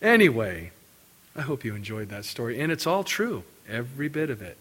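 A man's voice: medium pitch, a little fast. Middle-aged male preacher, sermon storyteller who acts out the quotes. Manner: animated storytelling, acting out quotes. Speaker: pastor.

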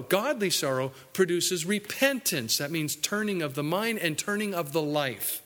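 A man preaching a sermon earnestly, his voice rising for emphasis and dropping low for asides. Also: bright, forceful tone. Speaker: pastor. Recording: hall reverb.

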